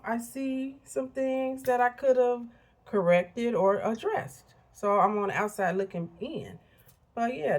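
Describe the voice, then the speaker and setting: A woman in her fifties from Illinois, USA, speaks at a medium pitch with a slightly mellow quality. She's a vlogger giving a casual motivational monologue, candid and blunt, with chatty asides to her viewers.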